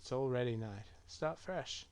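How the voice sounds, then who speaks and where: A man plays through a chat-based game and reads message options aloud in an unhurried, mumbling way. His voice sits at an ordinary pitch. Keyboard typing clicks are clearly audible under his talk. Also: a little mellow, slight background noise. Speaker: gaming streamer.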